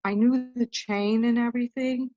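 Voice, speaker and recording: A podcast guest with a slightly high, steady, dark-toned voice recounts a personal story at a moderate pace. She's casual and chatty, saying "I'm like" again and again. The sound is dull, with no room sound.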